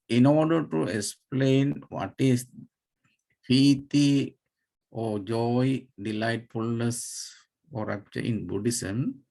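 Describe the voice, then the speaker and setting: Slow, gravelly Sri monk teaching. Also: male voice, mid-range voice, mellow. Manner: patient, spells out terms letter by letter, many fillers. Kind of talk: slow dharma class lecture.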